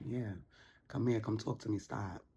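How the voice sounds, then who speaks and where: A woman voicing a gentle, steady future male lover who coaxingly invites a partner to open up. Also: rumbling low, moderate pace, a little hiss or hum. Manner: soothing, coaxing.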